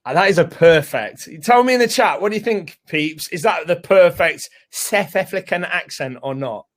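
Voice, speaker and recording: A man's voice: high voice, lively intonation, normal speed. A British man with a somewhat raised voice hosts a live webinar. He talks in a chatty, rambling way and greets viewers one by one. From United Kingdom. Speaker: co-host and co-founder.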